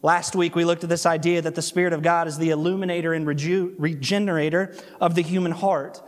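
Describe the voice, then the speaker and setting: A man in the pulpit preaching to his congregation, animated when he tells a story and slow when he drives a point home. His voice sits a little high for a man. The sound carries a long reverb from the church hall. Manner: animated storytelling, slows for emphasis. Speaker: pastor. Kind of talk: sermon. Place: church sanctuary.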